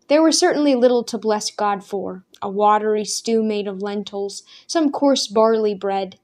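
A medium-pitched woman narrates a story for an audiobook, reading her script evenly and at a measured tempo.

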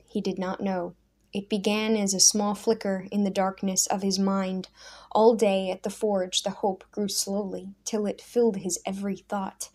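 A woman narrating a storybook in a measured, soft-spoken reading. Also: mid-range voice. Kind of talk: scripted audiobook narration.

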